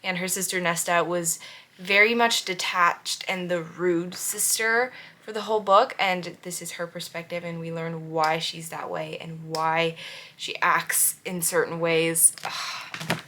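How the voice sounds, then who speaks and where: A woman's voice: fairly low pitch, fairly even intonation, unhurried, pushed and bright, slight background noise. A young woman vlogger gushing about her favorite books in casual chat, often repeating phrases for emphasis. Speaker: book vlogger. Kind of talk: casual book review chat.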